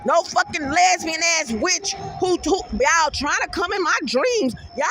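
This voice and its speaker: Brash woman vlogger, AAVE, high-pitched, profane, animated rant delivery. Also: measured pace, a little hiss or hum. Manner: brash, profane, animated, swings into loud outbursts. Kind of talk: casual rant to camera.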